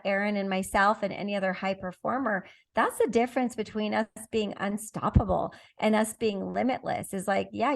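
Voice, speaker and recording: A woman guest on a podcast, a business coach talking with an energetic, emphatic coaching tone. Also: medium pitch, vocal fry. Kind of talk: motivational conversation.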